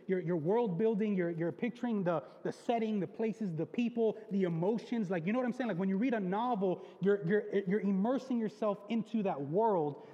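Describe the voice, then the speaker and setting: Slangy high-voiced male pastor, hoarse. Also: mellow, in a large hall, dull audio. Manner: chatty, slangy, repeats words. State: losing his voice. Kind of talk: casual sermon. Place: church sanctuary.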